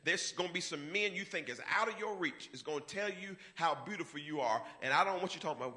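A man preaching a sermon to a congregation, swinging from quiet asides to loud, drawn-out declarations. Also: on the high side. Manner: rising to loud, drawn-out preaching with call-and-response.

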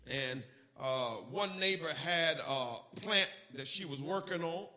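Male pastor for a church service: high, very bright voice, folksy storytelling delivery aimed at the congregation. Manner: folksy storytelling preacher, speaks straight to the congregation. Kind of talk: sermon.

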